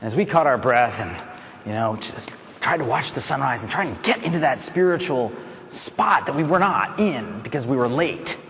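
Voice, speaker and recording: Animated man speaking in an echoing hall. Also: mid-range voice, normal speed, a little hiss or hum. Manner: animated, acts out voices and builds to shouting. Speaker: motivational speaker. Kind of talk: motivational speech storytelling.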